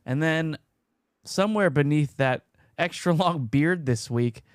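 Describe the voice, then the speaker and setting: A man hosts a casual podcast chat with friends. He is upbeat and jokey and lets his sentences drop off quietly. The sound is close and dry, with no room around it. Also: on the high side, measured pace, clear, resonant tone, no echo. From USA. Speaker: podcast host. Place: home studio, Long Beach, California. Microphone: podcast mic.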